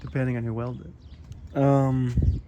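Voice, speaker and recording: A man's voice: mid-range voice, flat delivery, slow, mellow, slight background noise. A man showing his car project in a garage, rambling and joking as he talks to viewers. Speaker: car builder vlogger. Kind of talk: casual garage walkthrough.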